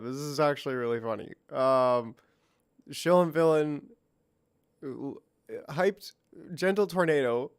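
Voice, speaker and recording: A man's voice: mid-range voice, clear, resonant tone, no room sound, studio quality. Rambling laid-back male host. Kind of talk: casual stream chat reacting to a clip.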